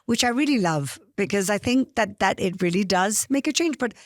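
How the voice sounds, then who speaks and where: A woman's voice: medium pitch, animated, moderate pace, dry recording, clean studio sound. A woman co-hosting an interview, asking questions with open enthusiasm. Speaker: co-host. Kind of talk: interview conversation.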